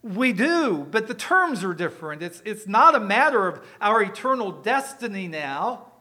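Very animated and sharp in tone, the pastor's voice sits high and moves at a normal speed. Preaching emphatically and explaining as he goes, he often asks the congregation rhetorical questions and repeats words when restarting.

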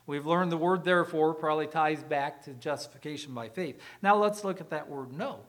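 A man's voice: a little high, fairly quick, few pauses, fairly bright tone. A man preaching a sermon as pastor, emphatic and explanatory, often asking the congregation rhetorical questions. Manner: emphatic preaching with rhetorical questions, repeats words when restarting.

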